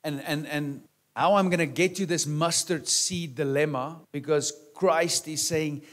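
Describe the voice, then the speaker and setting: Male pastor with a lightly raised pitch, preaching in a chatty, questioning way that often turns to soft asides. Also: fairly even intonation, unhurried. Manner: conversational preaching, rhetorical questions, frequent "right?" and "amen?". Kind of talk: sermon.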